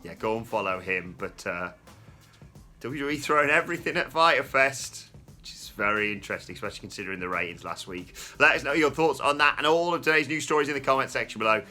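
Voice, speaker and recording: A man hosting a casual podcast chat, his voice bright and forceful. He talks in an animated way, exclaiming and laughing often. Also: mid-range voice, fast, faint music behind. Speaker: host.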